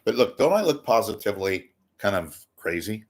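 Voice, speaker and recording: A man talks straight into his webcam, hosting a loose, rambling livestream. His voice is on the low side, and he mocks himself and trips over repeated words as he goes. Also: sing-song, moderate pace. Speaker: livestream host. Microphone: webcam close to face.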